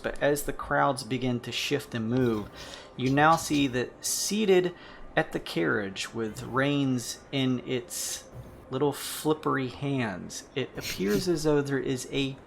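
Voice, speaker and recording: A man's voice: medium pitch, gravelly, fairly bright tone, slight background noise. A man narrating a tabletop role-playing game as game master, describing scenes with frequent restarts.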